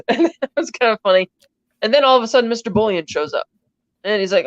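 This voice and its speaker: Speaking quickly and expressively at a medium pitch, this podcast co-host rambles through a film's scenes one by one, tossing in plenty of "he's like" asides. There's no room sound, though the recording is muffled.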